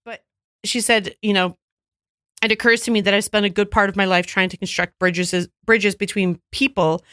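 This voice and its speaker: A woman co-hosting a casual podcast chat, telling stories with lively acted-out quotes. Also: mid-range voice, moderate pace, no echo, studio quality. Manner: animated storyteller who acts out quoted voices. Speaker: podcast co-host.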